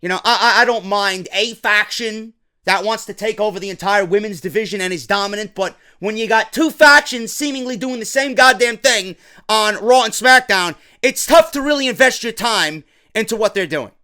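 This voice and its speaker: A man with a New York accent reviewing a wrestling show, ranting with profanity and sarcasm and getting loud and heated. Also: sits high, moderate pace.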